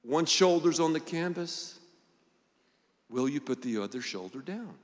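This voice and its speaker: A male pastor preaching a sermon with animated energy, acting out voices and hammering points with punchy repetition. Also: fairly high pitch, measured pace. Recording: long reverb of a large hall.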